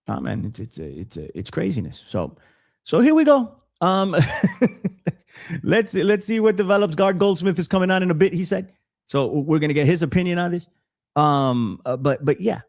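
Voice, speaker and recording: A man hosting a podcast, giving casual political commentary in an animated way with frequent stammered restarts. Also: on the high side, gravelly, no room sound, clean studio sound. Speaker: podcast host.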